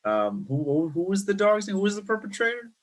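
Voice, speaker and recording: Lively-pitched male podcast host. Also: fairly quick. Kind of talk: casual chat.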